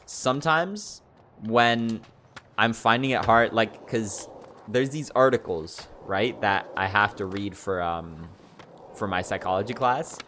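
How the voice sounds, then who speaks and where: A man's voice: on the low side, slow, pushed and bright, a little hiss or hum. A young man chatting casually on a livestream, rambling and filling his talk with "like" and "you know". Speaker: streamer.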